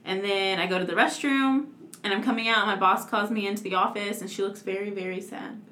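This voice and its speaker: A woman in her twenties telling a story in casual chat, animated and laughing, with lots of "like". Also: medium pitch, brisk. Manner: animated, laughing, heavy use of "like". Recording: echoey room.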